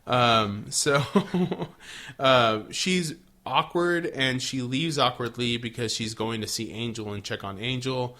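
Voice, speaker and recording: A man with a bright, forceful voice chats casually on a podcast. He recaps a show in a relaxed, profane way and slips into the characters' lines as he goes. His pitch sits in an ordinary middle range. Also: slow pace. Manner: laid-back, swears, acts out characters' lines. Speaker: podcast co-host.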